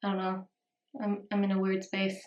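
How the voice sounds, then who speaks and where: Woman vlogger, chatty and self-deprecating, mid-pitched voice in a roomy space. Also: completely flat delivery, normal speed, a little mellow, highs cut off. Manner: chatty, self-mocking, rambling asides. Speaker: makeup vlogger. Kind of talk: casual makeup tutorial chat. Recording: roomy echo.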